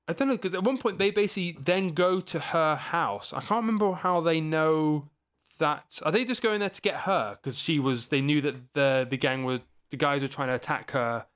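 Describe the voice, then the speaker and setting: A man with a slightly raised pitch talks through a film's plot in a loose, rambling way. He laughs often and slips into goofy voices for the characters as he goes. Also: lively intonation, moderate pace, a bit bright, smooth. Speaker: podcast co-host. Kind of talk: casual film-review chat.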